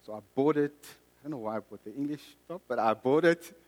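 A man's voice: medium pitch, brisk, a little mellow, long reverb tail, low-quality recording. A middle-aged man from South Africa and Mozambique preaching a sermon, earnest and personal, telling a story with frequent restarts.

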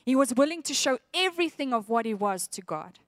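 A woman's voice: sits high, very animated, fairly quick, no echo, studio quality. Earnest woman preaching a sermon. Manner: earnest, reflective, reads scripture aloud with feeling.

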